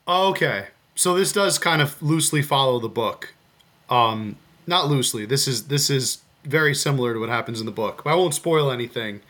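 A man's voice: mid-range voice, lively intonation, normal speed, fairly bright tone. A man co-hosting a podcast over a video call, chatting in an easygoing, talkative way. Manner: easygoing, chatty, laughs easily. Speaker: podcast co-host. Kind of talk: casual chat.

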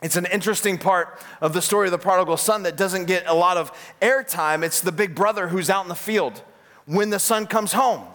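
A man preaching a sermon as pastor, animated and acting out the voices he quotes. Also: high-pitched, fairly quick.

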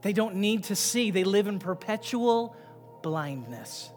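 A man's voice: high-pitched, expressive, a little slow. Preaching man in a reverberant hall. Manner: preaching, swinging between loud emphatic passages and quiet asides. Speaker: pastor. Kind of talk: sermon. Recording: long reverb with faint music behind.

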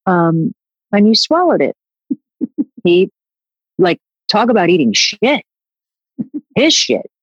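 A woman, a clinical psychologist and guest on the show, speaking in a measured, analytical way. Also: fairly low pitch, big pitch swings, husky, no room sound. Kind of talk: interview conversation. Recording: dull, lo-fi recording.

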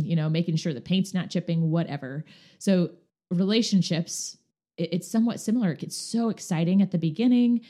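Woman telling stories on a chat show, lowish mellow voice, acts out the quotes, really animated. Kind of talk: casual conversational storytelling.

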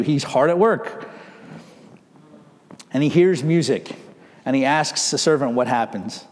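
A man's voice: a little high, a little mellow. A male pastor preaching a sermon in a church, explaining the story step by step and checking in with "right?". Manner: explanatory, asks "right?" to check listeners follow. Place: church sanctuary. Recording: long church reverb.

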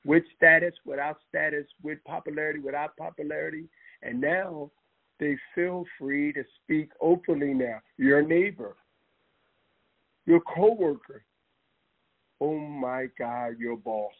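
A man speaks in an impassioned, rambling way and keeps pressing the listener directly. His voice is gravelly and sits a little high. The sound is thin and narrow, like a phone call. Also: unhurried. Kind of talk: impassioned casual talk. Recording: tinny phone-line audio.

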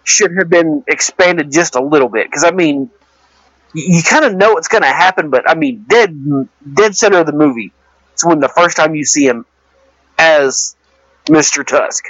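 A man with a somewhat high voice talks through a film in casual chat. He hesitates and restarts his sentences constantly. The recording is dry and dull, with a muffled lo-fi sound. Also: animated, moderate pace, a bit bright, slightly rough, no room sound. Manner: rambling, hesitant, many restarts. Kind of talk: casual movie discussion.

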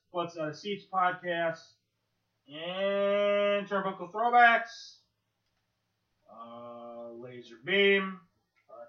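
New dude swearing and joking around on a podcast, high voice, echoey muffled mic. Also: male voice. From New York. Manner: loud, profane, joking. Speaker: podcast co-host. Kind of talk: casual podcast banter. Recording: roomy, dull lo-fi podcast audio.

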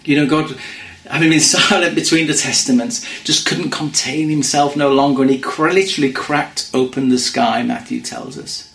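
A man preaching a sermon in an earnest way, dropping to a hush when he quotes scripture. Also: medium pitch, fairly even intonation, brisk, reverberant, rough recording. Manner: earnest, drops to hushed quoting of scripture.

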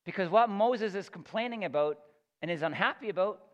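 A pastor delivers his sermon in a slightly high voice, earnest and emphatic, repeating words as he works toward each point. The sound carries a long hall echo. It comes through a dull, lo-fi recording. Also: animated, brisk.

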